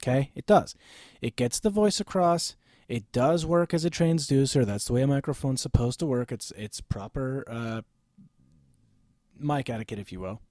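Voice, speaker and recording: Brief: deep-voiced man, gear reviewer, blunt and opinionated, close studio mic, very dry sound. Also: normal speed, warm tone, no echo. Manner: blunt and opinionated, with frequent "okay?" check-ins. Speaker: microphone reviewer. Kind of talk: casual gear review vlog. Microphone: close studio microphone.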